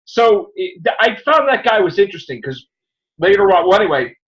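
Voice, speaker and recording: A man hosting a casual review podcast, rambling through an animated retelling of a plot. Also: high-pitched, a little fast, muffled recording. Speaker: podcast host.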